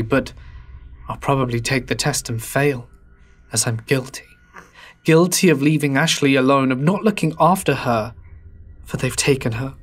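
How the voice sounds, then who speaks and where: A man narrates a scripted horror tale in a measured, somber delivery. His voice sits in a plain middle range for a man, and he keeps the telling steady. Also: mid-range voice.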